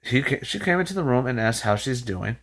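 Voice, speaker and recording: A man's voice: mid-range voice, animated, a little fast, vocal fry, fairly bright tone. A man hosting a reaction video, recapping and commenting in a rambling, exasperated way with frequent restarts and sighs.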